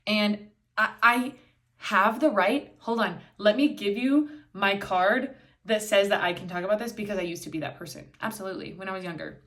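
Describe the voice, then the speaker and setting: A young woman hosts a solo podcast, filming herself indoors. Her voice sits in the mid range and is a bit bright, with a moderate pace, and she talks candidly and bluntly, swearing freely and acting out quoted voices.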